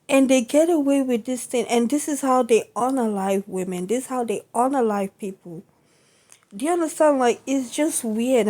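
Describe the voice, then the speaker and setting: A woman's voice: fairly high pitch, dark tone. A woman venting indignantly to camera in a vlog, often asking her listeners whether they understand. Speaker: vlogger.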